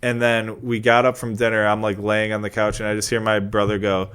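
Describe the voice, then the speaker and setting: A man's voice: on the low side, completely flat delivery, a little fast, hardly any pauses, a bit bright, smooth. A young man, a comedian, co-hosting a casual podcast chat, rambling through stories and swearing freely.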